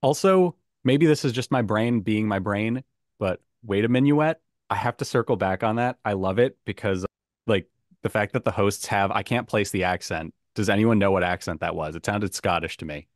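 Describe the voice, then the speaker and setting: A man's voice: on the low side, normal speed, dry recording, studio quality. A man hosting a casual podcast quiz game, upbeat and chatty, who laughs often. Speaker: game show host.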